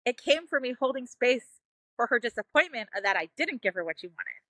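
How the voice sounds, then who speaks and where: High, bright earnest woman. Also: big pitch swings, fairly quick, dry recording. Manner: earnest, emotional, frequent "like" and "you know". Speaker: parenting guest, mother. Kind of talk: heartfelt personal storytelling.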